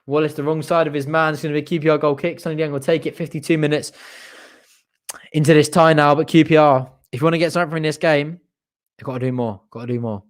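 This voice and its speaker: A young man with a voice on the high side rattles off fast, partisan fan commentary during a live match. He cheers enthusiastically for his team and groans at each missed opportunity.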